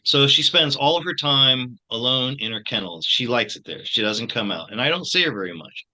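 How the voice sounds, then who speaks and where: A man in his sixties from the United States, a tarot channel host, talking casually to his viewers in a halting way with many restarts. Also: medium pitch, animated, bright, forceful tone. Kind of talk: casual personal talk to viewers.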